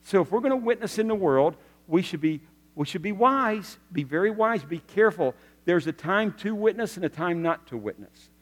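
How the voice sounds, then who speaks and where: A man's voice: sits high, lively intonation, normal speed. Folksy male preacher in a reverberant hall. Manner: folksy, joking preaching with audience prompts. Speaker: pastor. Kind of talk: sermon.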